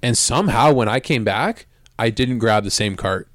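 A young man in relaxed podcast banter, telling a story with plenty of swearing and laughter. His voice sits at an ordinary pitch. The sound is dry and close, with no room around it. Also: moderate pace, no echo. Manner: swears freely, tells stories laughing. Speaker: podcast co-host. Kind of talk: casual chat.

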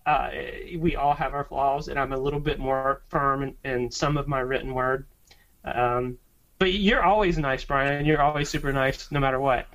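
A man's voice: mid-range voice, fairly even intonation, moderate pace, a bit bright. A man co-hosting a podcast, chatting in an easygoing, rambling way with frequent restarts. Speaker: podcast co-host. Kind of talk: casual podcast chat. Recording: slightly muffled lo-fi audio.

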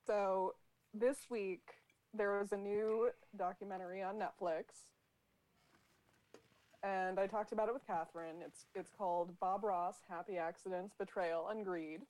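A woman hosts a casual podcast chat and explains each topic in turn. Her pitch sits in the middle. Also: steady tone, a little slow, darkish tone, low-quality recording. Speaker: host.

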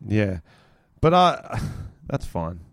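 Laid-back, sarcastic co-host. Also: male voice, fairly low pitch, very animated, drawn-out words, no room sound, clean studio sound. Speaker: podcast co-host. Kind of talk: casual podcast banter.

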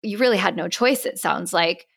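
A woman's voice: fairly low pitch, moderate pace, creaky. A woman hosting a podcast interview, affirming and echoing her guest's words in conversation. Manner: warm, affirming, restates the guest's points. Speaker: podcast host.

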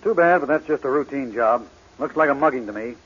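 A man's voice: medium pitch, husky, close to an everyday voice. A man playing a blunt New police inspector. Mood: brisk. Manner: brisk, matter-of-fact, slangy. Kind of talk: 1940s radio acting. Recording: dull old radio recording.

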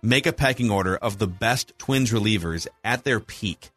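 A Minnesota-accented man in his forties hosts a casual sports podcast, eagerly and enthusiastically running through rankings. His voice is on the low side and a bit bright, at a moderate pace, with no room sound and faint music behind.

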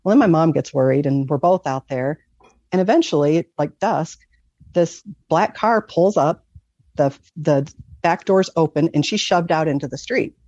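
A woman's voice: sits low, animated, moderate pace, darkish tone, no echo, dull audio. A middle-aged woman from Michigan, earnestly telling a personal story in a rambling, casual way. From Michigan, USA. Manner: earnest, rambling, with many fillers. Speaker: guest telling a near-death story.

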